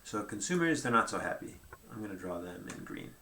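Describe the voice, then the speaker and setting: A man's voice: fairly low pitch, sing-song, fairly quick, sharp tone, reverberant, slight background noise. A man giving a conversational lecture at a whiteboard, thinking aloud and checking in with "right?" as he goes.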